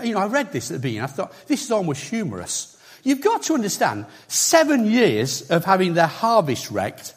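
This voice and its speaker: Husky-voiced man preaching a lively sermon. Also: sits high. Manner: conversational, emphatic with asides.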